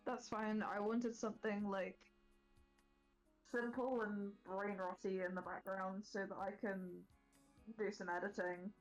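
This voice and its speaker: A woman playing in a tabletop game, chatting in a casual, relaxed way. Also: mid-range voice, a little slow, soft background music, rough recording. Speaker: player.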